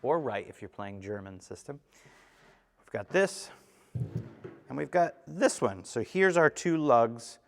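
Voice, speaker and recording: A man's voice: mid-range voice, animated, measured pace, creaky, long pauses, big-room sound. A man teaching a timpani lesson, explaining patiently, counting beats aloud and checking in with "okay?" as he demonstrates. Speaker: percussion teacher.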